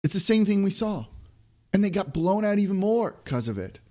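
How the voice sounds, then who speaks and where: A man's voice: high-pitched, big pitch swings, normal speed, a little mellow. A man hosting a sports podcast, ranting in exasperation with many restarts and rhetorical questions. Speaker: podcast host. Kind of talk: frustrated sports podcast rant.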